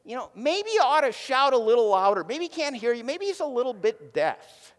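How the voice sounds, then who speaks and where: A man's voice: very high-pitched, big pitch swings, brisk, voice pushed up. A man voicing a male prophet who teasingly taunts rival priests. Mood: taunting. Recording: long hall reverb.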